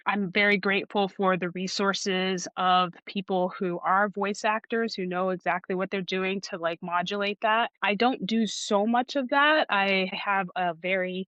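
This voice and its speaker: A woman's voice: mid-range voice, steady tone, a little slow, few pauses, a bit bright, no room sound, dull audio. Thoughtful woman narrator, dry close sound. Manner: thoughtful, with frequent restarts. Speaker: audiobook narrator, guest. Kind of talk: casual podcast interview.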